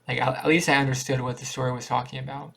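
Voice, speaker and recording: A man reading a short story aloud in a plain, steady way with small restarts. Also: medium pitch, fast talker. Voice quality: creaky. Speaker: reader.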